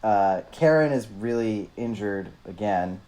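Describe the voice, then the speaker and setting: Low-voiced animated man co-host. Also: unhurried. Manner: animated, profane, wry. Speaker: podcast co-host. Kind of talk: casual chat recapping a book.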